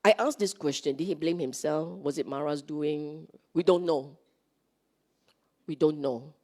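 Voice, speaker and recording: A woman's voice: sits low, measured pace, warm tone. A woman with a Singaporean English accent giving a chatty Dharma talk to a congregation. She often checks in with "okay?" and acts out the lines she quotes. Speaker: Dhamma teacher. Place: meeting hall.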